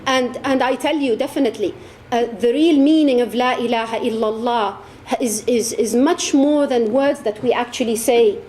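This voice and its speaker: A woman's voice: on the high side, moderate pace, darkish tone, a little hiss or hum. A woman giving an impassioned religious talk to an audience, repeating words for emphasis. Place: lecture hall.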